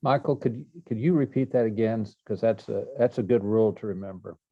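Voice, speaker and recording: A man's voice: on the low side, fairly quick, narrow, tinny audio. A man taking part as a student in a class discussion, teasing dryly.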